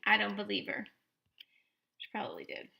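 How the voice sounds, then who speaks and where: A woman's voice: medium pitch, huge pitch swings, moderate pace, vocal fry, background noise. A woman hosting a reaction video, making sarcastic, incredulous asides in casual commentary.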